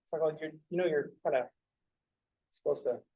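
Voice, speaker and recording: A man's voice: fairly high pitch, a little fast, a little mellow, rough recording. A young man lecturing math to a class, joking and rambling off topic, swearing casually as he goes.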